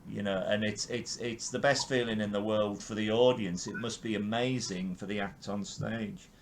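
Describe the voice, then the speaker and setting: An older Englishman hosts a podcast interview, his voice low-leaning and steady at a moderate pace. He chats with real enthusiasm, often restarting his sentences, while slight background noise hums underneath.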